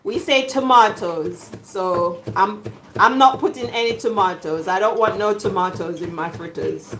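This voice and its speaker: A middle-aged Jamaican woman chatting through a home cooking video in her kitchen, jokey and quick to laugh. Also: mid-range voice, fairly bright tone, slight background noise. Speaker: cooking vlogger. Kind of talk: casual cooking chat.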